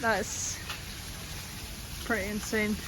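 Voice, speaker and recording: A woman's voice: mid-range voice, level tone, extremely slow. A young woman chatting casually as a travel vlogger while sightseeing, giggly and thinking aloud with plenty of fillers. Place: walking outdoors and through a museum, filming on a camera. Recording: clear background noise from outdoor surroundings.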